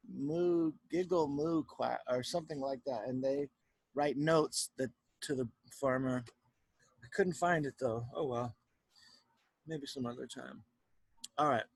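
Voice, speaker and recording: A man who teaches is captured on home video reading a picture book to a group of children. He's lively and talkative, frequently pausing to discuss the illustrations with them. His slightly high voice has a breathy edge, and there's no echo.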